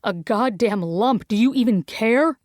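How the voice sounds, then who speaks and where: A woman's voice: a little high, measured pace, a little mellow, dry recording, studio quality, natural voice. A woman voicing a frantic, swearing football star. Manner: panicky, snapping, swearing. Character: young man, frantic football star lover. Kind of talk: audiobook character reading.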